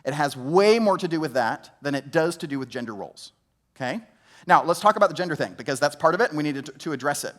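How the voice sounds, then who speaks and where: Young pastor guy preaching, chatty, kinda high voice, lots of questions to the room. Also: lively intonation, fast talker, a bit bright. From Georgia, US. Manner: conversational preaching with rhetorical questions and restarts. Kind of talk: sermon.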